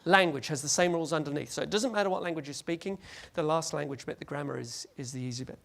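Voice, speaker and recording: A man giving a lively, joking conference presentation and acting out little scenes. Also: a little high, fast talker, vocal fry. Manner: animated, jokey, acts out scenes. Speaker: conference speaker.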